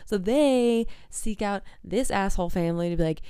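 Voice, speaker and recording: A young woman co-hosting a podcast, retelling a story in a lively, casual way and acting out quotes. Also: medium pitch, moderate pace, smooth, dry recording, studio quality. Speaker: podcast co-host. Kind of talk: casual chat.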